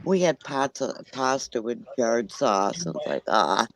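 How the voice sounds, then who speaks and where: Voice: mid-range voice, sing-song, a little slow. A guest chatting casually who laughs often and agrees along with the host. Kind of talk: casual chat. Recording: distant voice over crowd noise.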